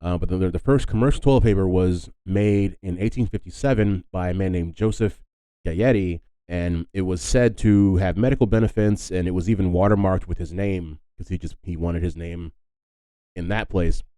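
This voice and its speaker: A man's voice: low-pitched, moderate pace, mellow, smooth, dry recording. A man hosting a casual solo history podcast, chatty and rambling with lots of fillers and asides. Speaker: podcast host.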